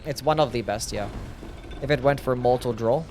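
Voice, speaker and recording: A man's voice: mid-range voice, moderate pace, darkish tone, a little hiss or hum. A man chatting casually on a live game stream, rambling with lots of fillers as he answers chat. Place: home desk.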